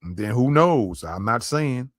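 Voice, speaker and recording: A man's voice: medium pitch, lively intonation, unhurried. A man in a middle voice hosts a commentary podcast, talking straight to his listeners. He is emphatic and circles back to the same points. The sound is dry and close, with no room echo. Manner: emphatic, repeats points, addresses listeners directly. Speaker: podcast host. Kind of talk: commentary on a played clip.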